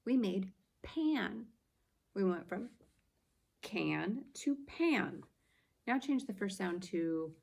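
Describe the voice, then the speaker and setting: A woman teacher giving a video lesson to young children, sounding out words slowly and clearly. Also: mid-range voice, animated, a little mellow. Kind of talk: early-grades classroom video lesson.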